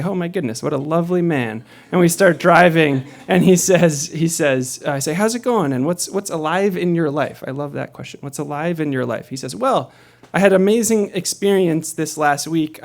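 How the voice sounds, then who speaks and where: A man from New York City telling a personal story live on a comedy club stage, growing animated and loud as it builds. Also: on the high side.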